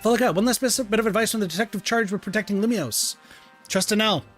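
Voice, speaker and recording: A man voicing a steady, protective detective giving advice earnestly. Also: high-pitched, fast, faint music behind. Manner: earnest, reassuring.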